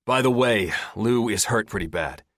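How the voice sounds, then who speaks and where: A gruff, short-tempered soldier, as an audiobook narrator acts him. He speaks bluntly and curtly. Close, dry recording. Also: fairly low pitch, expressive, normal speed, a bit bright, dry recording, voice pushed up. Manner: blunt, curt, swearing. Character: gruff irritable male special-ops soldier.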